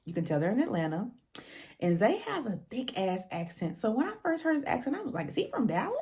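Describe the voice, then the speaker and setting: A woman's voice: mid-range voice, very animated, brisk, a little mellow. A young woman giving a casual, blunt and profane recap of a reality show, acting out the people she quotes.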